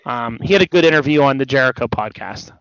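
On a laid-back wrestling podcast, a man co-hosts in a mid-range voice that's a bit bright, animated and fast, though he's tired and yawning. He rambles, hesitates and keeps restarting; the audio is dull and dry with no room sound.

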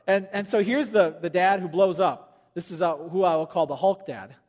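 High-voiced male pastor preaching in a hall. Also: normal speed. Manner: animated, acts out quoted voices, jokes with the congregation. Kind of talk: sermon. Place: church auditorium. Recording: long hall reverb.

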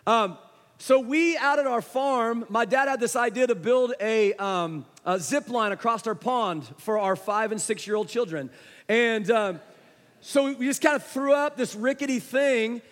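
A man's voice: very high voice, a bit bright. A man preaching a sermon to a congregation, telling a story in a conversational way and speaking straight to the listeners. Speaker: pastor. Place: church sanctuary. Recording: long hall reverb.

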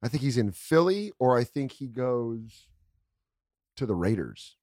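A man's voice: medium pitch, very animated, unhurried, a little mellow, no echo, studio quality. A man hosting a comedy podcast, talking crudely and acting out quotes in silly voices. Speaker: podcast host. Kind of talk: casual comedy chat.

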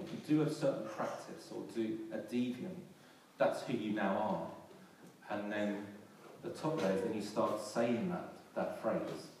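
Low-voiced man preaching in an echoey hall. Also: a little mellow. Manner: earnest, repeats and restarts phrases, rises for emphasis. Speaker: pastor. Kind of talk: sermon. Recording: echoey hall from far off, faint noise.

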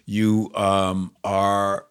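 Older man telling lively anecdotes. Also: on the low side, very slow, clean tone. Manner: animated anecdotes, frequent "like" and restarts. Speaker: guest musician. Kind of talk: casual conversation, storytelling.

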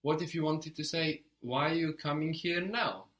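A man's voice: a little high, normal speed, a bit bright. A man teaching a language lesson, patiently prompting a learner and giving short praise.

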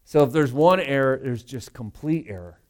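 Male pastor, mid-pitched and resonant, preaching emphatically in a casual, talky way. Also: expressive, moderate pace. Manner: conversational and emphatic, with frequent rhetorical asides. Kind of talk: sermon.

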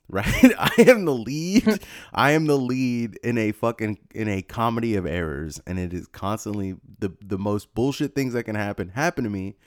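A man's voice: fairly low pitch, lively intonation, moderate pace. A young man in casual crude banter on a podcast, rambling, swearing and laughing often.

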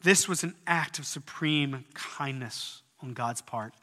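A man preaching a sermon in earnest tones, rising at times to loud, emphatic peaks. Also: mid-range voice, slow, long reverb tail. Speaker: pastor.

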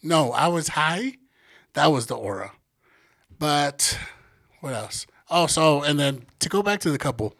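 Young man, podcast co-host, profane animated storytelling, slightly high voice. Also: measured pace. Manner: animated storytelling, acts out quotes. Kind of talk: casual profane podcast banter.

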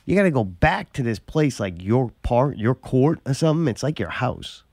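A man's voice: mid-range voice, very animated, normal speed, a little mellow, no room sound, clean studio sound. A man chatting casually, telling long profane stories that build into exasperated rants. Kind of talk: casual chat.

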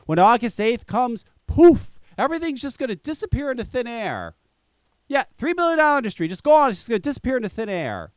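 A man with a high, swooping voice tears into his critics in an angry, profane rant. The sound is close and dry, with no room around it. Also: wildly swooping pitch, quick pace, dry recording. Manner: angry, profane ranting with mocking quoted voices. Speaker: live show host. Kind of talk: profane ranting talk show.

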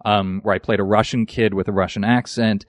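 A man's voice: on the low side, fairly even intonation, brisk, dry recording. Dry-sounding man telling his story. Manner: self-deprecating, storytelling with asides. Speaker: podcast guest, actor. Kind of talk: casual interview chat.

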